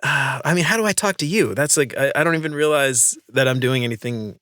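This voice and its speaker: A man's voice: medium pitch, fairly quick, bright, forceful tone, no room sound, clean studio sound. A man in his thirties hosting a podcast in casual, joking chat, laughing often. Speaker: podcast host.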